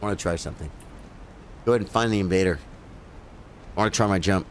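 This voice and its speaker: A man streaming live gameplay, chatting casually and breaking into loud, excited yelps during fights. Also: low voice, fast talker, a little hiss or hum. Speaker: game streamer.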